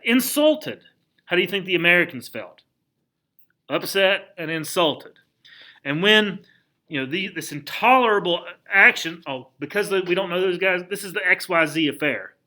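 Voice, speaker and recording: High, bright-voiced history teacher man. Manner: animated, conversational, asks the class questions; acts out historical figures in quick asides. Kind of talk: classroom history lecture.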